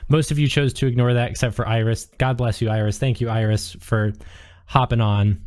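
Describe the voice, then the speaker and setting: A man's voice: mid-range voice, fairly even intonation, brisk, darkish tone. A man narrating as game master in a loose, joking way with lots of fillers.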